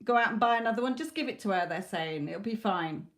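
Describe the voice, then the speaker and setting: A British woman reads tarot on a live stream. She talks in a blunt, motherly way and keeps checking in with "okay?" Her pitch sits in the middle of the range. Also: lively intonation, quick pace. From Britain. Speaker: psychic tarot reader. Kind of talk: live-stream reading, direct advice.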